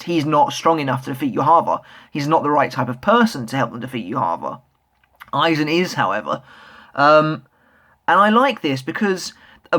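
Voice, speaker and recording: A man's voice: fairly high pitch, a bit bright. Chatty young man reviewing manga. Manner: chatty, rambling with fillers and restarts; enthusiastic fan. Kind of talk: casual video review.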